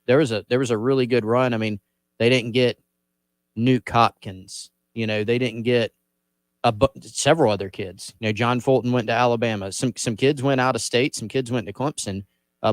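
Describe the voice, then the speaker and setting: A man's voice: mid-range voice, dry recording. A man on sports radio analyzing college football recruiting, thinking aloud and repeating words as he starts his points. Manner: thoughtful, repeats words when starting a thought.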